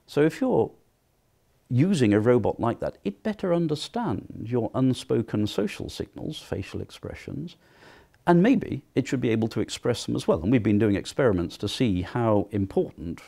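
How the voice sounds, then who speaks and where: A man giving a measured, explanatory documentary interview as an academic. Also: mid-range voice, very animated, creaky, dark tone.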